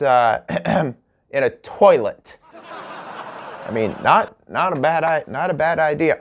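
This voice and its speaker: A man hosting a comedic home-made late-night talk show, joking through product listings and laughing at his own bits. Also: on the high side. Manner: jokey, laughs at his own bits, stretches words for emphasis. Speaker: host.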